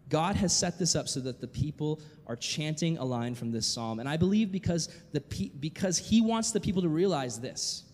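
A man preaches a sermon with a somewhat high voice and an animated, questioning delivery. He reads scripture aloud between his own remarks. His voice rings with a long reverb, as in a church hall.

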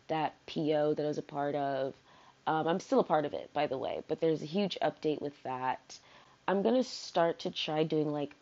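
Low-voiced rambling woman podcaster. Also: warm tone, muffled recording. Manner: rambling, heavy on fillers, swears freely. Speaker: solo podcast host. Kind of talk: casual unscripted podcast monologue.

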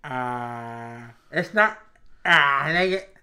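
Young man, party-game player, slurred playful delivery, bright tone. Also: mid-range voice, lively intonation, drawn-out words. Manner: playful, laughing, words slurred as if mouth obstructed. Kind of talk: casual chat with friends.

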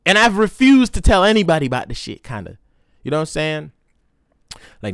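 Animated slangy young man telling stories. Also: fairly high pitch, brisk, vocal fry, smooth, no echo, studio quality. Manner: slangy, profane, animated storytelling. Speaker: podcast host. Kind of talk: casual solo podcast storytelling.

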